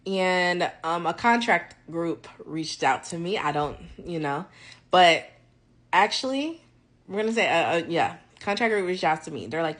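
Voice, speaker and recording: A young woman vlogging a casual faith testimony, animated and acting out her conversations with God. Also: fairly low pitch, measured pace.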